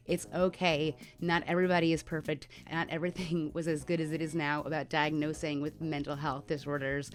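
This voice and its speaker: Candid woman telling a personal story. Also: low-pitched. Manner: candid, conversational, with many fillers. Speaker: mental health vlogger.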